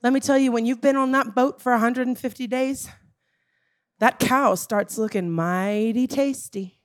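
A woman preacher with a high, bright-pitched voice. She delivers a sermon with emphatic, repeated questions, calling out directly to the church. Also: moderate pace. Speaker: pastor.

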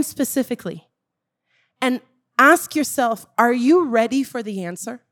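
High-voiced woman preaching a sermon. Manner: emphatic, calls out to the church with repeated questions. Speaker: pastor.

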